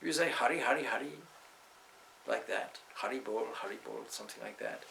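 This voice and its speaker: A man's voice: medium pitch, huge pitch swings, normal speed, gravelly, sharp tone, a little hiss or hum, full character voice, low-quality recording. A man voicing a pompous male priest-scholar who scolds and lectures with scorn, inside a spoken story. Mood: scornful.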